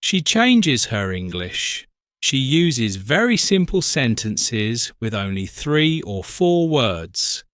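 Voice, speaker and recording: Male narrator for learner stories: slow, clear, lively pitch, dry recording. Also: dry recording. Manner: slow, clear, simple sentences. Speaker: story narrator. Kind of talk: graded-reader story narration for learners.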